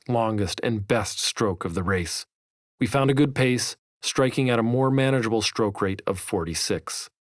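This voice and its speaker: A man's voice: mid-range voice, dry recording. Man narrating a memoir, dry sound. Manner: measured, vivid storytelling. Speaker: author narrating his own audiobook.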